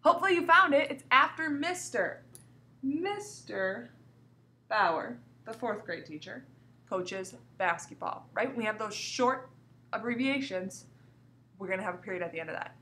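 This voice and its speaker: A woman teacher giving a recorded grammar lesson to young pupils, reading example sentences aloud with marked pauses and coaxing the class with questions. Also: fairly high pitch, slight background noise. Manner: lively, coaxing questions to students. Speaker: elementary school teacher.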